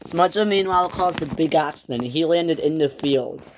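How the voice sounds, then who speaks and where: A woman's voice: sits low, moderate pace, slight background noise. A woman narrating an improvised toy train story in a breathless, stumbling way.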